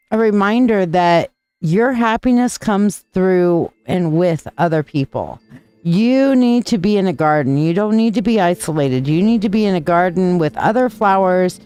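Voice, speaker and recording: This tarot reader and live stream host has a lowish, darkish voice, recorded clean. Her talk is loose and meandering, warm in tone, and she addresses her audience as sweetheart.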